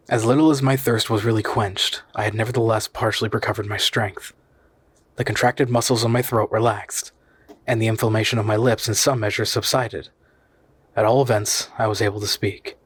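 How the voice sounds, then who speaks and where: A man reading a classic novel aloud in steady, measured narration. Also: fairly low pitch, breathy edge, dry recording. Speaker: audiobook reader.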